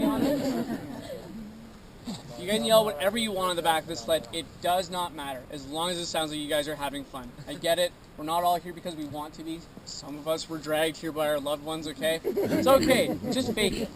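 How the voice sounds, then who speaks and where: A man guiding a sled dog tour, giving an upbeat, joking outdoor safety briefing to a group and ending lines with "okay?". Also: high-pitched. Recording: noisy outdoor field recording.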